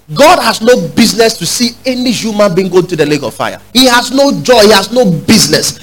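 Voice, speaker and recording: A man preaching a sermon, urging the congregation to repeat lines after him and building to loud, emphatic peaks. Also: high-pitched, poor audio. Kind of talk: sermon with call-and-response.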